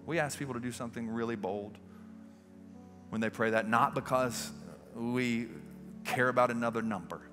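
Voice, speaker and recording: A man's voice: lowish voice, long reverb tail. A man preaching as a pastor, leading an altar call and prayer in an earnest, pleading way inside a large church. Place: large church sanctuary with balcony.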